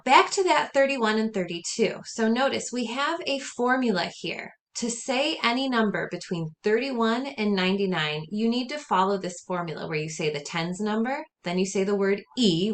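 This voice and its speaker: A woman teaching a recorded lesson, speaking clearly and patiently and saying words slowly for students to repeat. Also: medium pitch. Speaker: Spanish teacher.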